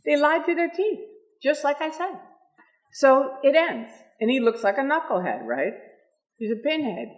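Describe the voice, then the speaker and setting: A woman's voice: sits high, moderate pace, highs cut off. A woman in her sixties telling stories at a meetup, with lots of laughter and acted-out quotes. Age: 60s. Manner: lively, laughing, acts out quotes. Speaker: ex-member speaking at a meetup. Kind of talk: animated storytelling talk.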